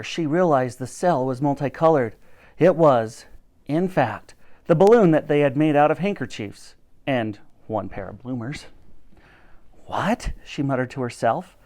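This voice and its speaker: A man reading a children's novel aloud with a dramatic, animated delivery. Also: a little high. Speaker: storyteller.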